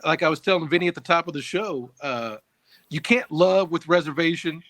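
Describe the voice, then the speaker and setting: A man's voice: on the high side, fairly quick, a bit bright, no echo. Earnest middle-aged man, dry close sound. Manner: earnest, restarts sentences often. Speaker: sports show co-host. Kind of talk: casual sports chat.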